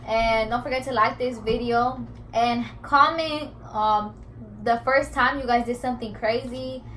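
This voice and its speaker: A woman's voice: fairly high pitch, fairly even intonation, unhurried, fairly bright tone, rough recording. A young woman hosting her channel in a laid-back, slangy, chatty way. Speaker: channel host. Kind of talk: casual chat. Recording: faint background noise.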